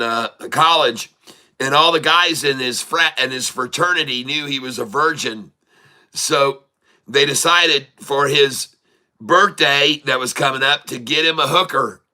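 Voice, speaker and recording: A man's voice: mid-range voice, pushed and bright. A man hosting a day-trading livestream, rambling casually, repeating words and laughing often as he tells a joke.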